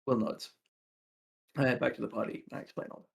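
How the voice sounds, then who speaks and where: Gravelly-voiced casual game player. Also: male voice, medium pitch, level tone, a little fast, noisy background. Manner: casual, thinking aloud. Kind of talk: casual tabletop play.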